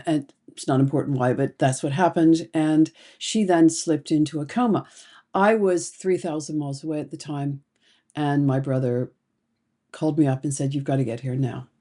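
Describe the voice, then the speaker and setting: A middle-aged woman therapist speaking slowly and deliberately, telling emotional personal stories in a reflective talk to camera. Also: low-pitched, mellow. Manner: slow, deliberate, emotional storytelling.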